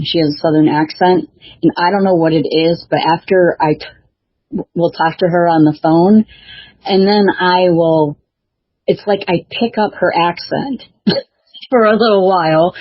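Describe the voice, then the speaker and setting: A woman's voice: on the low side, a little slow, no room sound. A woman author and show host chatting casually, talking hesitantly with many fillers and restarts. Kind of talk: casual chat. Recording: dull lo-fi dry recording.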